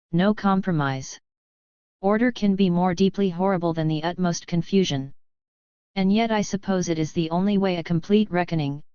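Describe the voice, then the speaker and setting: Smooth, low-voiced woman reading aloud. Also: dry recording, highs cut off. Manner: steady, measured reading. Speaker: audiobook reader. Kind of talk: scripted narration.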